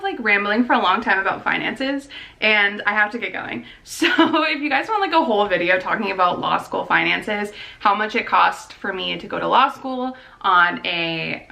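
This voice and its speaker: A woman's voice: medium pitch, vocal fry, sharp tone, rough recording. A young woman in her twenties, a law student vlogging in a chatty, rambling, upbeat way as she goes about her day. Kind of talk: casual vlog chat. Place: out and about, car and campus.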